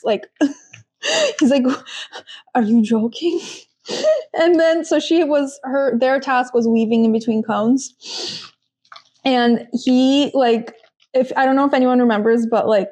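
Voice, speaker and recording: Bubbly woman with a higher voice. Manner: animated storytelling with quick quoted voices and laughs. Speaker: podcast host. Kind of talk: casual recap chat. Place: home kitchen.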